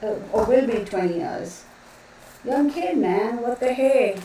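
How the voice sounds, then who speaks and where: A woman's voice: fairly high pitch, lively intonation, unhurried, mellow. Rambling woman in an echoey room. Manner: chatty, rambling, greets viewers by name. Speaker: tarot reader hosting a live stream. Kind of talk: casual live-stream chat. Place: home room with a fan running. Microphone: distant mic, noticeable echo. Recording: very echoey room, voice far from mic, faint fan noise.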